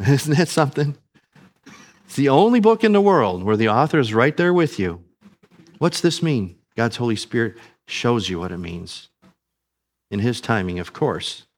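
A man preaching a sermon, earnest, calling his listeners family and asking them questions. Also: medium pitch.

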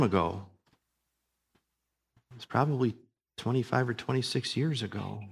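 A man in his fifties delivering a sermon from the pulpit. His preaching is emphatic, with loud declarations that drop into quieter, lower asides. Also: unhurried, gravelly, husky. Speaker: pastor.

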